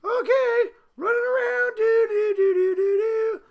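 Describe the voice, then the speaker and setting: A man voicing a prissy, preening male quarterback in a squeaky, sing-song falsetto. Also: fairly even intonation, unhurried, vocal fry, full character voice. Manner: preening, whiny and dainty. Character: prissy high-voiced male football quarterback.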